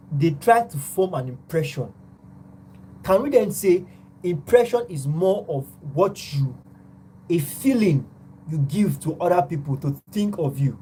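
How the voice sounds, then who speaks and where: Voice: mid-range voice, mellow, slight background noise, rough recording. A tutor gives an online psychology class, explaining step by step and opening many points with "now".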